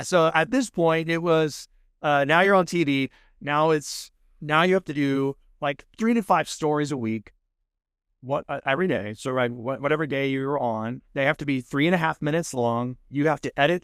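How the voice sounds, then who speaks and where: A man in his thirties with a Texan accent, a podcast guest telling his story in a casual, animated way and acting out the people he quotes. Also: on the high side, clean tone, dry recording, clean studio sound. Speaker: podcast guest, food show host. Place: podcast studio.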